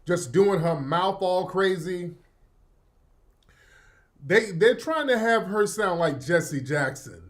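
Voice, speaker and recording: A man talks slowly through a casual reaction commentary, his voice fairly high for a man. He drawls and mocks in loose, informal speech. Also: lively intonation, fairly bright tone.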